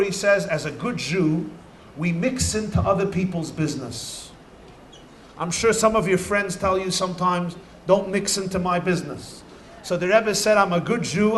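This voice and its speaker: A man, a rabbi, telling stories to children in an animated way, stretching key words for emphasis. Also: high-pitched, slight background noise. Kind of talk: storytelling talk to children.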